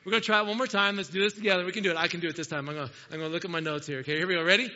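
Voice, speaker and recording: Bright-voiced man preaching in a hall. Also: high voice, steady tone, racing. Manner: conversational, self-deprecating, asks the congregation questions. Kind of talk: sermon. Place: church sanctuary. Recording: muffled sound in a large hall.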